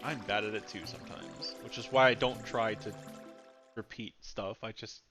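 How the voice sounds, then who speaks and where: A man's voice: on the low side, normal speed, over music. A man streaming a game and chatting casually with friends, rambling and correcting himself as he talks. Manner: rambling, self-correcting, lively. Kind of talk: casual gaming stream chat.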